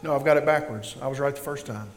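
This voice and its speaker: A man preaching a sermon as pastor, slow and emphatic, building in intensity. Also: mid-range voice. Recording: long reverb of a large hall.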